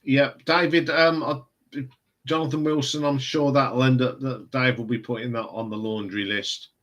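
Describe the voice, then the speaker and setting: A man's voice: medium pitch, steady tone, moderate pace, a bit bright. A man in casual, rambling chat, hosting a live stream from home. He answers viewer comments as they come in, chuckling often. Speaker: live stream host reviewing records.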